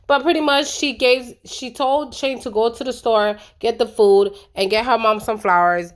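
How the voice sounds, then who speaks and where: A woman's voice: a little high, moderate pace, hardly any pauses. A woman giving a casual, opinionated recap of a reality show, chatty and colloquial with lots of fillers.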